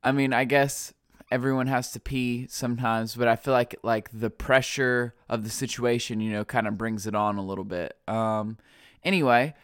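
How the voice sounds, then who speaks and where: A man with a stuffy nose talks solo on his podcast in loose, rambling chat, leaning on fillers. His voice is smooth and clean. The sound is close and dry. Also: medium pitch, fairly even intonation, moderate pace, no echo. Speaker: podcast host.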